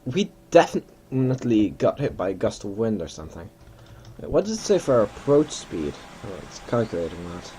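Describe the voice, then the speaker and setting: A man's voice: on the low side, sing-song, moderate pace, mellow, slight background noise, low-quality recording. A man giving casual commentary while playing a flight simulator, thinking aloud and correcting himself as he goes.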